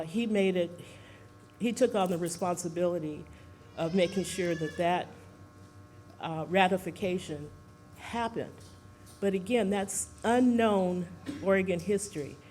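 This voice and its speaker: Halting, out-of-breath seminar speaker. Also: mid-range voice, a little mellow, a little hiss or hum. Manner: halting, many fillers, asks the audience questions. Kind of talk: informal public talk to an audience.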